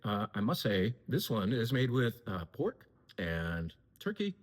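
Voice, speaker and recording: A man's voice: on the low side, big pitch swings, measured pace, long reverb tail. A man hosting a casual talk to camera from a wine shop, chatty, with many fillers and self-corrections.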